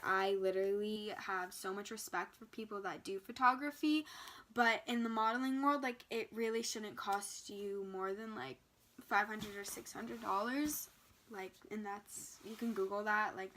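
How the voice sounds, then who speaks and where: A woman's voice: mid-range voice, pushed and bright. A young woman giving casual advice in a bubbly, chatty way, often saying "like" and "you know". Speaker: vlogger giving modeling tips. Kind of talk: casual chat to camera.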